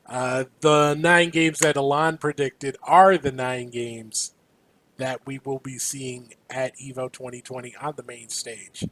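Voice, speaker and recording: A male podcast co-host who talks slowly and deliberately at a middle pitch. He pauses often and hedges with ums as he weighs his views. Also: level tone, fairly bright tone. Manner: measured, hesitant with ums. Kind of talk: casual podcast chat.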